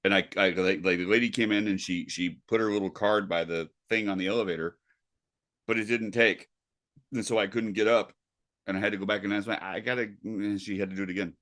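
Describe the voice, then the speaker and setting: A man's voice: lowish voice, fairly even intonation, fairly quick, a bit bright. A man co-hosting a podcast in casual chat, playful and jokey, exaggerating for laughs. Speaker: podcast co-host.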